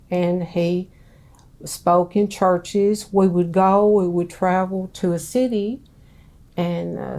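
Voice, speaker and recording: A middle-aged woman, telling her own story in an interview in a plain, unhurried way. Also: fairly low pitch, mellow. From Southern US. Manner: slow, plain-spoken storytelling. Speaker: interviewee, ex-wife of a street preacher. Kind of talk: recounting her life in an interview.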